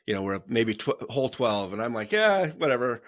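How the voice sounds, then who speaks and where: A man's voice: on the low side, fairly even intonation, brisk. Easygoing middle-aged male podcast host. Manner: easygoing, asks questions and adds brief agreement. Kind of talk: casual interview chat.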